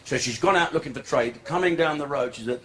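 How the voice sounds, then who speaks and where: A man's voice: a little high, fast, a bit bright, a little hiss or hum. An older man performing a crude, rambling, profane stand-up routine on a comedy club stage. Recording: live club with crowd laughter.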